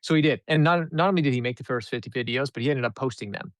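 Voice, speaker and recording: A man telling a story as a podcast guest, animated and acting out the dialogue he reports. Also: medium pitch, racing, no room sound. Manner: animated, acts out quoted dialogue. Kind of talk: conversational storytelling.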